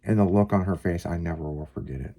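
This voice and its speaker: A man's voice: sits low, fast talker, dark tone. A man casually telling a long personal story, rambling with lots of fillers and some swearing. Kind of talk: casual chat, personal anecdote.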